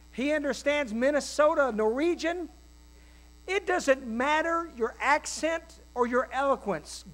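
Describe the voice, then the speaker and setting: A male pastor preaching a sermon in a folksy, animated way, with quick asides and acted-out quotes. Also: high-pitched, rough recording. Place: church.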